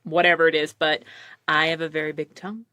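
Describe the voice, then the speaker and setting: A woman hosting a casual podcast chat, speaking with a slight lisp and animated, lively delivery. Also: low-pitched, quick pace, dry recording. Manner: lively, animated, full of acted-out quotes. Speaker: podcast host.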